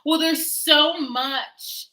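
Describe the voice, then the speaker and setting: A woman chatting casually on a livestream, animated and quick to laugh, often trailing off and restarting. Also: high-pitched, rough recording. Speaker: book blogger and guest co-host.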